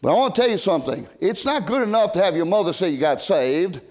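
High-voiced older preacher, shouting and hushed. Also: male voice, expressive, fast. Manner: swings from loud shouted emphasis to low quiet asides. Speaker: pastor. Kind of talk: old-time sermon. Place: church pulpit.

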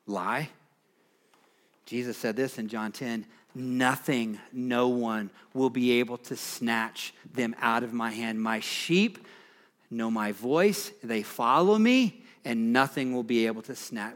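A man's voice: mid-range voice, slow, fairly bright tone. A man preaching a sermon as pastor, building with passion and emphasis on key phrases.

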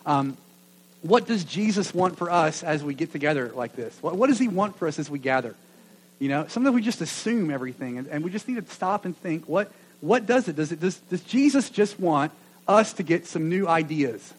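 A man preaching a sermon to a gathering of churches, earnest and full of stammered restarts, rising loud then dropping to a near hush. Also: a little high, lively intonation, a little fast, breathy edge, poor audio. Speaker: pastor.

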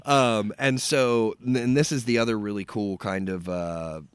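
A young man recounts a horror movie's plot in relaxed podcast chat. His voice sits fairly low, and he tells the story with energy, swearing freely and jumping into quoted lines. The sound is dry and close to the mic. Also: unhurried, clear, resonant tone, no room sound. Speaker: podcast co-host. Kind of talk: casual movie recap chat.

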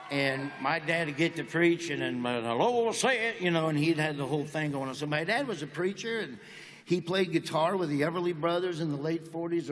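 Comedian guest, male, folksy deadpan delivery, long hall reverb on the voice. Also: a little high. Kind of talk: joking interview talk.

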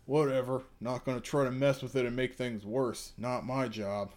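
A man's voice: medium pitch, level tone, normal speed, a little mellow, lightly acted. A man voicing a big, dim-witted security guard who answers the phone with a bored, dismissive manner.

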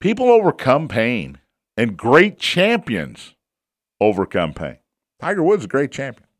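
A man's voice: mid-range voice, huge pitch swings, unhurried, dry recording, studio quality. A man hosting a casual sports talk show, chatty and opinionated, who asks himself questions and answers them.

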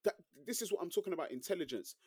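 A man's voice: sits high, lively intonation, darkish tone, slightly rough, no room sound, studio quality. A man co-hosting a casual debate, explaining his view with many restarts and "bro". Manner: halting, many restarts, says "bro" and "trust me".

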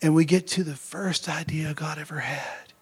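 A man delivers a sermon in a loose, conversational way, checking in with "right?" as he goes. His voice sits high and carries a gravelly edge. He swings from quiet asides to excited near-shouts. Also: normal speed. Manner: energetic, conversational, keeps asking "right?". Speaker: preacher.

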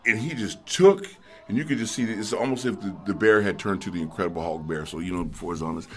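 A middle-aged man telling a story as a guest in casual chat, excitable and halting, acting out voices and sounds. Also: low voice.

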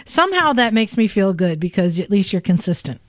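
A woman's voice: medium pitch, sing-song, fairly quick, no room sound. Teasing woman host, dry close sound. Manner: teasing, friendly, rambling with fillers. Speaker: podcast host. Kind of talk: casual chat.

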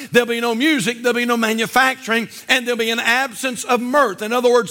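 Male pastor, church sermon: very high, bright tone, emphatic delivery with sudden low intense drops. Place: church service.

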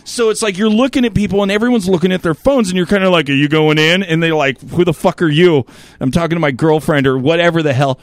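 A man hosting a podcast, telling animated stories in casual chat and swearing a lot. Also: fairly high pitch, fast, no room sound. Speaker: podcast host.

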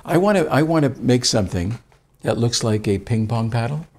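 A man's voice: medium pitch, animated, normal speed, a little mellow. A man with an American accent, a rabbi being interviewed, telling stories with wry, self-deprecating humor in a casual conversation. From United States.

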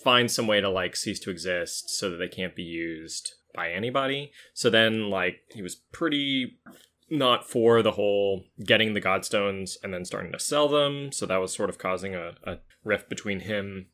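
A man's voice: fairly low pitch, moderate pace, pushed and bright. A man explaining his character's motives in a game, rambling with many likes and uhs. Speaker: player.

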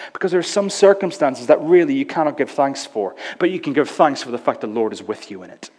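Male preacher, slightly high voice, animated and humorous sermon, reverberant church hall. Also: a little fast, few pauses. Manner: lively, acts out quotes in shifting voices, conversational humor.

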